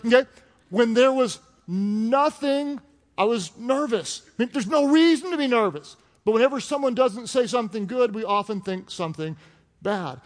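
A high-voiced man preaching to a congregation, casual and joking as he works through the text. His voice rings out with the long reverb of a large hall. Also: normal speed. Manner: animated, joking and conversational. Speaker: pastor. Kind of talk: sermon.

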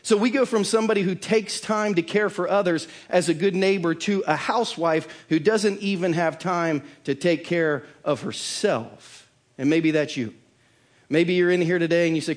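A man preaching a sermon to his church with earnest conviction. His voice sits a little on the high side. He often drops low and soft to drive a point home. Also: moderate pace. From United States. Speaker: pastor.

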